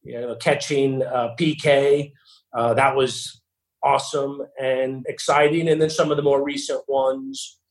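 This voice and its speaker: Guy being interviewed, lots of uh and um, keeps restarting, ordinary pitch. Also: flat delivery, unhurried, poor audio. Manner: hesitant, many fillers and restarts. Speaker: racing team boss, guest. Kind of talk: remote interview answers.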